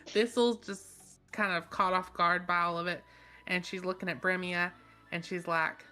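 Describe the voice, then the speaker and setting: A woman's voice: on the low side, steady tone, measured pace, sharp tone, faint music behind. A woman playing a tabletop game, loosely describing her character's actions. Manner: loose, rambling narration. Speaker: player.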